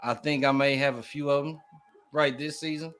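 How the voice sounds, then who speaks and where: A man's voice: fairly high pitch, fairly even intonation, normal speed, a bit bright. Easygoing man chatting about football. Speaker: co-host. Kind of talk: casual sports chat.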